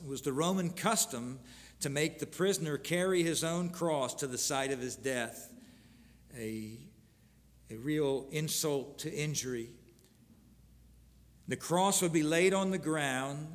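A man preaching a sermon, earnestly reading scripture aloud with pauses and restarts. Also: fairly high pitch, big-room sound. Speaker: pastor.

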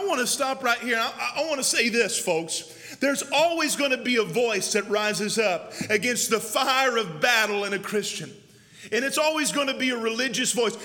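A young man preaching a fiery, shouting sermon as pastor in a church. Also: extremely high pitch, expressive, normal speed. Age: young adult. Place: church sanctuary. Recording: long church hall reverb.

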